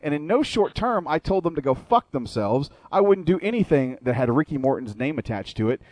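A man's voice: a little high, very animated, brisk, darkish tone, no room sound. Man, radio host, profane, ranting storyteller, dry studio sound. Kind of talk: casual wrestling radio chat.

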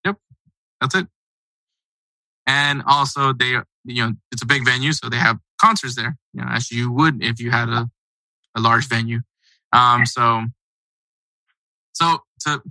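A man's voice: mid-range voice, pushed and bright, no echo, poor audio. A man hosting a casual sports podcast, talking in a loose, rambling, conversational way. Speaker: podcast host.

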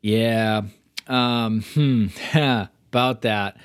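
A man hosting a casual podcast, talking energetically with fillers and quick restarts. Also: medium pitch, steady tone, clear, resonant tone, no room sound. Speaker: podcast host. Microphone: remote call microphone.

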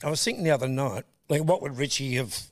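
An Australian man in his sixties telling stories as a guest, animated and often laughing. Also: mid-range voice, quick pace. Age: 60s. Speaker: guest, comedian. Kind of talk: casual storytelling interview.

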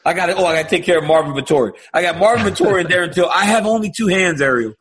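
A man with a husky voice bantering on a sports show, teasing the host and laughing often. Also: high voice, lively intonation, racing, crowd noise. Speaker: fighter guest. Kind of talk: casual banter.

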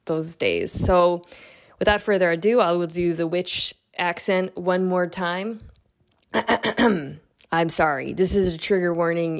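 A woman's voice: fairly low pitch, vocal fry. A woman and radio show regular giving a chatty, self-deprecating tribute. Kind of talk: casual heartfelt tribute.

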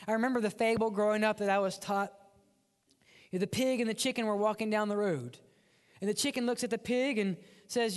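A man's voice: high-pitched, fairly quick, smooth, in a large hall. A man preaching a sermon as pastor, dramatic and often dropping to a whisper for emphasis. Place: church sanctuary.

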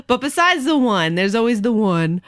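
A woman co-hosting a podcast in casual chat, blunt, swearing and animated as she tells stories. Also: on the high side, normal speed, no echo, clean studio sound. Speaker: podcast co-host.

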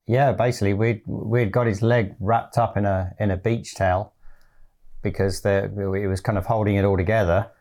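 A man with a very deep voice gives his side of a story in a plain, measured telling. He keeps his pitch flat and even, and he leans on fillers as he goes. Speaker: guest co-storyteller. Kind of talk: personal storytelling.

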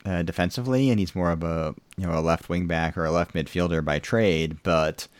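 A man's voice: low voice, a little fast, clean tone, dry recording. A man hosting a casual podcast, rambling with many fillers such as "you know". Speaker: podcast host. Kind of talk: casual chat.

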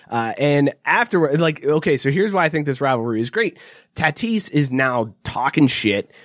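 A man's voice: a little high, no room sound, clean studio sound. Laid-back, profane male sports podcast host. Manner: loose, profane, quick to laugh. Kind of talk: casual sports chat.

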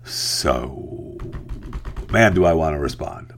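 A man with a very low voice hosts a talk podcast, talking casually. He rambles through asides and jokes in an easygoing way. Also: expressive, moderate pace, slight background noise. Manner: chatty, joking, rambling asides. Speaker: podcast host. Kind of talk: casual talk show monologue.

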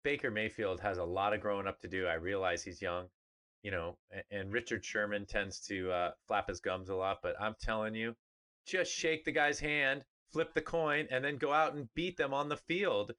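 A middle-aged man talks sports on a podcast, emphatic and animated. His voice sits fairly low but has a bright, forceful edge. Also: normal speed. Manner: animated, emphatic, mimics others in funny voices. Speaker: podcast co-host, former pro player. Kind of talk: casual sports talk.

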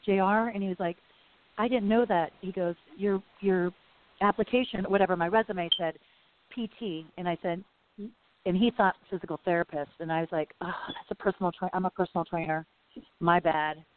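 A woman's voice: fairly low pitch, steady tone, a little fast. Chatty woman telling stories over a tinny line. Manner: chatty, rambling, full of "you know" and quoted dialogue. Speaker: guest. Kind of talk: casual interview storytelling. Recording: phone-like audio.

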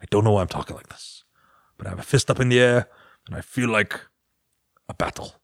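A man's voice: fairly low pitch, fairly quick, creaky, fairly bright tone, dry recording, studio quality. A man co-hosting a podcast in casual chat, rambling and joking, with mock-heroic asides. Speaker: podcast co-host.

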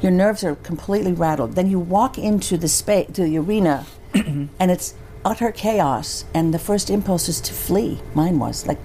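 Older American woman, interview guest, warm storyteller who slips into quoted voices, light background hiss. Conversational, lively. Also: fairly low pitch, moderate pace. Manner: animated, anecdotal, acts out quoted voices. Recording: faint background noise.

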